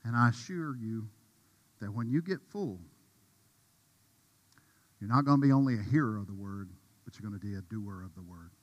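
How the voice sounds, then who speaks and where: A man preaching a sermon with passion, dropping to a hush and rising to a shout. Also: lowish voice, lively intonation, moderate pace, pauses often, big-room sound, lo-fi sound. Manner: impassioned, swings from hushed to shouting. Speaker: pastor.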